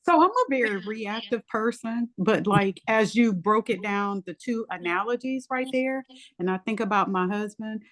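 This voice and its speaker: Woman in a bible study chat, lively colloquial storyteller, mid pitch. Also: moderate pace. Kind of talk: casual group discussion.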